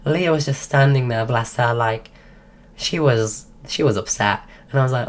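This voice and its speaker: Very low-voiced woman, sick. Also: normal speed, slight background noise. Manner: rambling, full of "like" and restarts. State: sick, voice going. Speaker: streamer. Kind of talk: casual storytelling.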